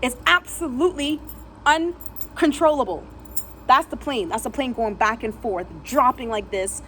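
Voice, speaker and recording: A woman vlogger telling a dramatic personal story vividly, re-enacting sounds and dropping to a hush at tense moments. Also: high voice, measured pace, a little hiss or hum.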